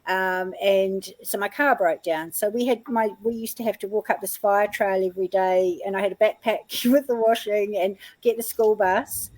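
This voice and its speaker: A woman's voice: medium pitch, fairly even intonation, moderate pace, few pauses, a little mellow, poor audio. Aussie woman, middle-aged, rambling chatty story, lots of "like" and "you know". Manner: chatty, laughing, lots of fillers. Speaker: guest healer. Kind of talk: casual storytelling chat.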